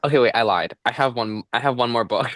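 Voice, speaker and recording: A young adult man co-hosting a casual book chat, relaxed and halting, often stumbling over words. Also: medium pitch, dry recording, studio quality. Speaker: co-host of a book podcast.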